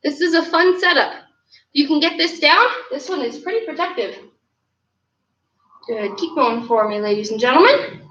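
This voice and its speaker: A woman's voice: sits high, moderate pace, long pauses, a bit bright. A woman teaching an online martial arts class, giving upbeat coaching and counting reps aloud. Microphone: camera mic from a distance. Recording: roomy, distant, dull lo-fi sound.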